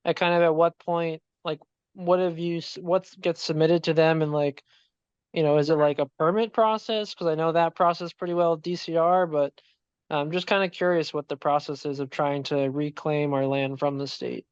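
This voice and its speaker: Congested man, smooth voice, polite and rambling, lo-fi dry call audio. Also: on the high side, level tone, normal speed, no room sound. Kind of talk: online community meeting question.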